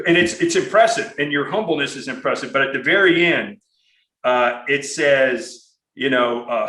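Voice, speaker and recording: A man's voice: mid-range voice, a little slow, pushed and bright, echoey room, low-quality recording. A man hosting a podcast interview, talking in an earnest, rambling, profane way with lots of restarts. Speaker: podcast host. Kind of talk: casual conversational interview.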